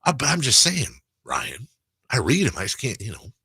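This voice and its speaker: A man's voice: medium pitch, normal speed, husky, dry recording, studio quality. A man hosting a sports talk radio show in casual on-air chat, rambling and interrupting himself as he goes. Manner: rambling, self-interrupting, animated. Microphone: studio microphone.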